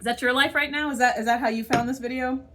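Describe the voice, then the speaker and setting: A woman's voice: sits high, fairly even intonation, fast, pushed and bright. A woman venting her frustration in a monologue, swearing often and sighing between thoughts. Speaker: spiritual channel host. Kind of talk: emotional monologue vent.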